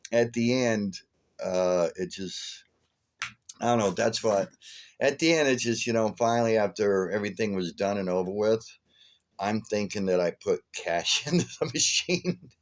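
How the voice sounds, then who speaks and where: A man's voice: mid-range voice, a little hiss or hum. A tired man vlogging, telling a rambling, chuckling story full of fillers. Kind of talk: casual storytelling.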